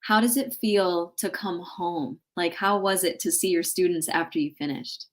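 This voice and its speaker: A woman's voice: on the low side, normal speed. A woman hosting a live interview show from a home setup, effusive and encouraging, often stumbling over her first words. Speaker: host. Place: home setup with ring light.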